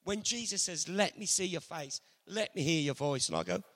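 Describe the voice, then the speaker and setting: A man preaching a sermon earnestly, moving between loud emphasis and hushed, intimate passages. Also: a little high, animated, normal speed. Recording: long hall reverb.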